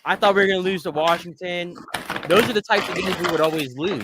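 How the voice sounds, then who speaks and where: A man in his thirties co-hosting a casual sports podcast, telling animated stories and swearing casually. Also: high voice, a little fast, noisy background. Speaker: podcast co-host.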